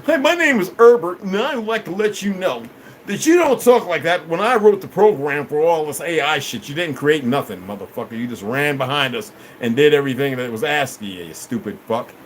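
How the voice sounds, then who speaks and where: In a fairly high, close-to-everyday voice with lively intonation, a man speaks a little fast as he plays a smug male AI programmer scolding someone with profanity. Slight background noise is present.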